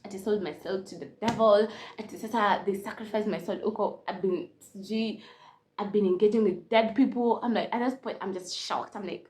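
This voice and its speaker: A young Kenyan woman telling a casual storytime, switching between Swahili and English, animated and laughing often. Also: medium pitch, a little fast, slight background noise. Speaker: vlogger.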